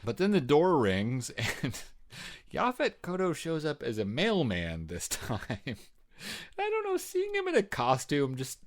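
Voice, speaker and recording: A man's voice: fairly high pitch, huge pitch swings, unhurried. A man co-hosting a podcast in casual chat, talkative and laughing often as he trails off and restarts. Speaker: podcast co-host.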